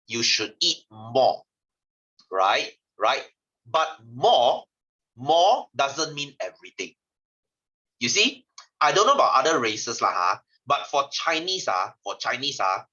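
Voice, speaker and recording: A man with a Malaysian English accent gives a joking science lesson, his voice bright and his pitch jumping all over. He teases the class and laughs between points. The recording sounds dull and lo-fi. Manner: animated, teasing, laughs often. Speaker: science tutor.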